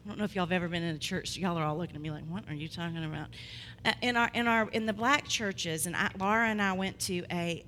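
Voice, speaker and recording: A woman preacher delivering a sermon, swinging between loud proclamation and quiet asides. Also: medium pitch, slight background noise. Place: church hall. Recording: long hall reverb.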